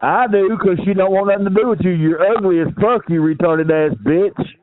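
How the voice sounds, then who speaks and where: A man's voice: sits high, a little fast, no echo. A man on a phone line, harshly taunting and insulting another caller.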